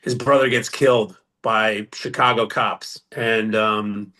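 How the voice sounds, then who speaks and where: A man's voice: lowish voice, steady tone, slow, bright, forceful tone. A man, a podcast guest, telling stories in casual chat, laughing as he goes, with rambling asides. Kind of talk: casual storytelling.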